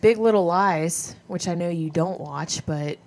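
A woman's voice: fairly low pitch, unhurried, darkish tone, slight background noise. A woman in her thirties co-hosting a podcast in casual chat, rambling and laughing often. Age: 30s. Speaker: podcast co-host.

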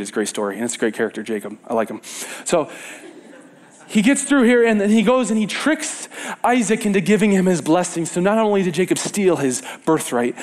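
A man preaching a casual sermon, retelling a Bible story with lively repetition and sudden drops from loud to hushed. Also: medium pitch. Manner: animated storyteller, repeats words for emphasis, swings between loud and hushed; casual and conversational, with fillers and self-corrections.

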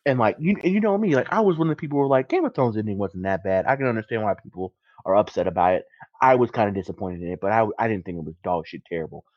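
A man in casual podcast chat, talking in an animated, profane way and laughing often. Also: lowish voice, rapid-fire, no echo. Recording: dry, dull lo-fi mic.

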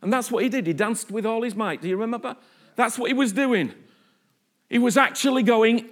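A man's voice: very high voice, fairly quick, fairly bright tone. A man preaching a passionate sermon, often acting out the voices of the people he quotes.

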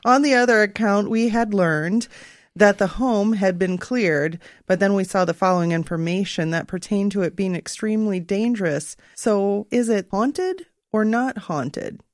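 A woman's voice: medium pitch, unhurried, no echo, clean studio sound. A woman co-hosting a casual chat, reading news aloud in a plain, matter-of-fact way with some teasing. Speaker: podcast co-host.

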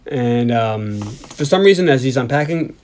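A man hosting a movie podcast, casually recapping scenes, laughing often and acting out lines from the film. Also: medium pitch. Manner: animated, laughs often, acts out quotes. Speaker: podcast host.

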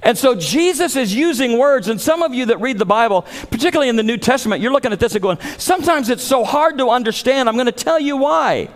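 A man's voice: very high voice, animated, fast talker, hardly any pauses. A man pastor preaching a dramatic sermon, acting out the voices of biblical figures. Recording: long hall reverb.

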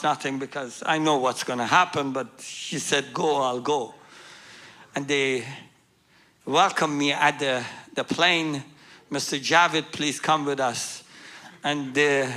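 A man giving a testimony as a guest speaker, acting out the dialogue of his story with humor. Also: a little high. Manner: animated, acts out dialogue with humor.

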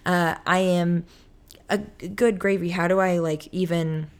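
A woman's voice: lowish voice, steady tone, measured pace, smooth. A young woman in her twenties hosting a casual solo podcast from her apartment, rambling and chatty, often cutting herself off. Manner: rambling, chatty, self-interrupting with many likes. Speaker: podcast host. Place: apartment room.

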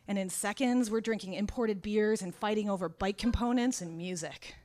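A woman telling a personal story out loud, dry and wry, turning raw and intense as it goes. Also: mid-range voice, normal speed, hardly any pauses. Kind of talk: first-person spoken storytelling.

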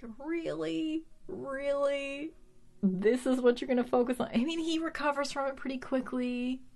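A woman chatting casually as she recaps a TV episode, animated, with lots of "like" and some swearing. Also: high voice, brisk.

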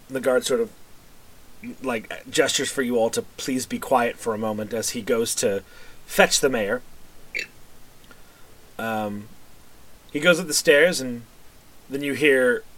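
A man's voice: medium pitch, a bit bright. A man narrating as game master for a tabletop game, rambling with fillers and self-corrections.

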